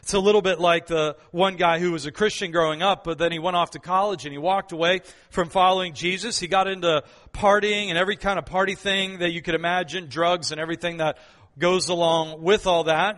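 A man preaches a sermon with a high, bright, ringing voice. He presses his points hard, repeats key lines for weight, and drops in the odd playful joke. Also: steady tone, brisk. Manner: emphatic, repeats key phrases, playful asides. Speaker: pastor.

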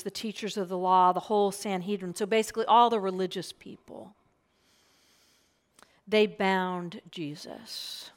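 Woman preacher, slow and earnest, sermon storytelling, hushed asides. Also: mid-range voice. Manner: earnest, drops to a hushed whisper for emphasis. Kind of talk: sermon retelling a gospel passage.

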